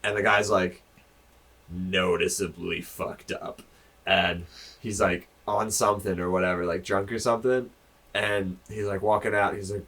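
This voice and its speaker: A man co-hosting a casual podcast, telling rambling stories full of fillers and loud acted-out quotes. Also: low-pitched, fairly even intonation, unhurried. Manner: rambling storyteller, many fillers, breaks into loud laughing imitations. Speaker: podcast co-host. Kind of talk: casual chat.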